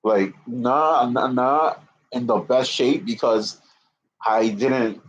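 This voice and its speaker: A man's voice: medium pitch, slow. A man in his twenties rambling profanely on a live stream, repeating himself and slightly out of breath. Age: 20s. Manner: profane, repetitive, restarts often. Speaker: livestreamer. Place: indoor room with a fan. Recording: muffled lo-fi stream audio.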